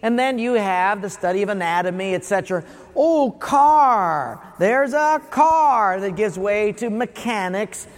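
A male pastor with a high voice delivers a sermon in a church. He poses rhetorical questions and acts out short scenes in other voices. The recording carries the long reverb of a large hall. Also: moderate pace, few pauses.

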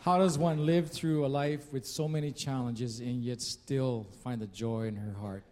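A man, a pastor, encouraging his church and then leading a calm prayer. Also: medium pitch, normal speed, long reverb tail, a faint crowd. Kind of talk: sermon and prayer. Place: church sanctuary. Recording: music playing underneath.

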